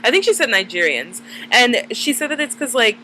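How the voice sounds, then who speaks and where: A woman's voice: a little high, sing-song, fairly quick, pushed and bright, slight background noise, low-quality recording. A woman in her twenties, chatting casually to camera, rambling and full of "like" fillers. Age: 20s. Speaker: vlogger. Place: dim room at night.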